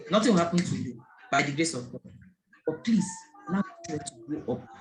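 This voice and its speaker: Animated woman talking to parents. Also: fairly low pitch. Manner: lively storytelling, acting out quoted voices. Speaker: parenting speaker. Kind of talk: online talk to parents. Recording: faint background noise and clicks.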